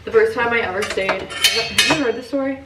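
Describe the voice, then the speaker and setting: A woman's voice: on the high side, brisk, recorded from a distance, very noisy. A woman chatting casually with a friend in a hotel room, giggly and telling stories. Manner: giggly, storytelling. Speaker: friend on trip. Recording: echoey room, heard from off-mic.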